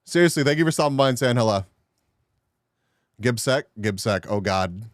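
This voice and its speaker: Guy streaming and joking with chat, crude humor, smooth resonant voice, super dry sound. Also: mid-range voice, expressive, moderate pace, no room sound. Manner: crude, joking, laughs often. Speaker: live streamer. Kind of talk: casual live-stream chat with viewers.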